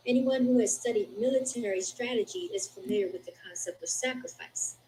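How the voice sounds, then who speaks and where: A woman's voice: fairly high pitch, a little fast, hardly any pauses, warm tone, slight background noise, rough recording. Chatty woman host reading aloud. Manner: chatty, addresses listeners as y'all. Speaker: podcast host. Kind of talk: casual chat and reading a book aloud. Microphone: video call.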